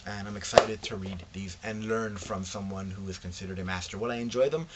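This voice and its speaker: A young man vlogs casually about books he found, his voice fairly low and a little fast. He tells the story with slangy asides, acting out what his friends said, over slight background noise.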